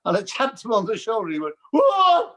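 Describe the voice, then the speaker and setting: An older man chatting as a guest, telling lively stories and mimicking voices. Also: sits high, fast. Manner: animated storyteller, mimics voices. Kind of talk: casual chat.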